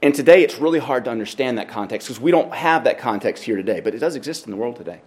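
A pastor preaching a sermon, working through scripture passage by passage and growing more animated as he tells a story, sometimes restarting his sentences. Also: medium pitch, fast. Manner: expository, animated when telling stories.

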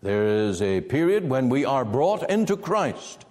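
A man preaching a sermon, emphatic, with wide swings of pitch. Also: sing-song, measured pace, a little mellow, big-room sound.

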